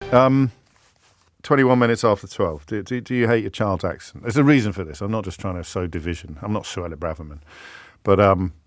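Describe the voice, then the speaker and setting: A middle-aged man hosting a radio phone-in from a studio, chatty and teasing with a self-mocking streak. His voice sits fairly low and sounds dry and close. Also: fairly quick, no echo.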